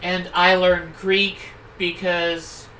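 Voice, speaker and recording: A woman's voice: lowish voice, flat delivery, drawn-out words, bright, forceful tone, a little hiss or hum. A woman whose first language is German, streaming a game and rambling through casual asides with a sore throat from a cold. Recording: roomy, distant mic.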